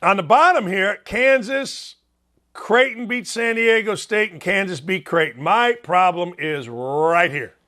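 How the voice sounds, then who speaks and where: A man's voice: high voice, a little slow, pushed and bright. Blunt, fired-up Chicago-accented man. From Northwest Indiana. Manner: blunt, fired-up, rambling, self-mocking. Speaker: sports radio host. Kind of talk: solo sports talk monologue.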